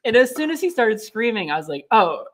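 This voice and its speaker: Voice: mid-range voice, sing-song, a little fast. A host telling a prank story in casual chat, swearing and acting out other people's voices.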